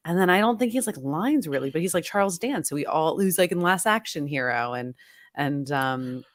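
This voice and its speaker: A woman's voice: low voice, expressive, normal speed. A woman co-hosting a podcast, chatting casually about a film, laughing often and trailing off mid-thought. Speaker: podcast co-host. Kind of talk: casual chat reviewing a film.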